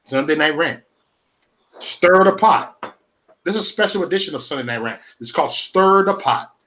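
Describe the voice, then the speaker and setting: A man's voice: a little high, lively intonation, normal speed, sharp tone, a little hiss or hum. A man in his forties hosting a live stream, ranting in a profane, repetitive and confrontational way. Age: 40s.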